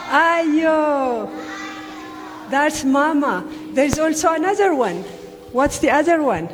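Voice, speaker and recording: An older woman, a community elder with an Oromo accent whose first language is Afan Oromo, addressing children at a gathering with coaxing call-and-response and repeated phrases. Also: high voice. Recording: reverberant hall with faint ambience.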